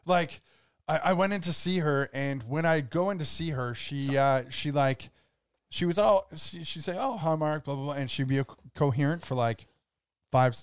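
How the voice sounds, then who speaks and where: A man co-hosting a podcast, telling a personal story in casual chat, halting and repeating words, swearing now and then. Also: a little high, clean tone, dry recording, studio quality. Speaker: podcast co-host.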